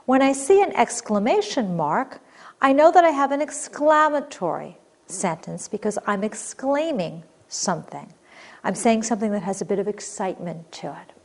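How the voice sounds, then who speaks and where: In this recorded grammar lesson, the woman teaching speaks at a normal pace in an animated, mid-range voice. She reads example sentences clearly and expressively, then walks through explanations.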